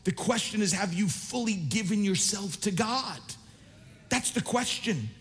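A man with a high voice preaches a sermon, impassioned and rising to shouts, reading scripture and quizzing his listeners. His voice rings out with a long reverb, as if heard in a large hall. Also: animated, a little slow. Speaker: pastor.

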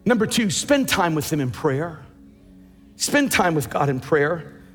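A man's voice: a little high, big pitch swings, unhurried, fairly bright tone, long reverb tail. A man preaching a sermon as pastor, emphatic and repeating words as he builds his points.

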